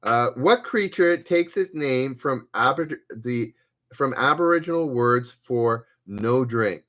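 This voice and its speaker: Running trivia on a live stream, this man reads each question twice and keeps pausing to find his words, hesitant and full of fillers in a casual chat. His medium-pitched voice is expressive and a bit bright.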